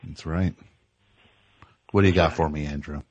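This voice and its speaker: A man's voice: rumbling low, fairly even intonation, moderate pace, breathy edge, lo-fi sound. A man hosting a comedy call-in show, teasing callers and riffing in a rambling way. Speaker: host.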